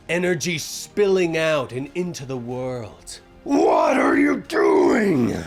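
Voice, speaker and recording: Casting a male narrator, unhurried and animated, dramatic comic retelling. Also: medium pitch. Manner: dramatic, lively storytelling. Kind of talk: scripted story narration.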